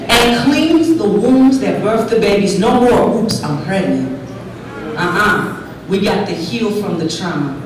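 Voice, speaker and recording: Expressive woman speaking in an echoey hall. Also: medium pitch, measured pace. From California. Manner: expressive, preacherly, acting out dialogue. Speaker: luncheon speaker. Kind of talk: inspirational speech. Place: large hall. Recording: echoey hall from far off, noisy.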